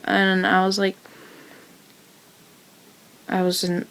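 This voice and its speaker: A woman's voice: mid-range voice, steady tone, normal speed, dull audio. A teenage woman telling her own story in a rambling, casual way, full of fillers and restarts. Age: teens.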